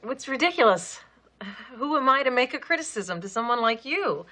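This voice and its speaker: A woman's voice: very animated, moderate pace, sharp tone, heavily acted. An actress playing a prim, doting middle-aged woman with a volatile temper, in a film scene. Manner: prim and sugary, then shrill and scolding. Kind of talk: film drama.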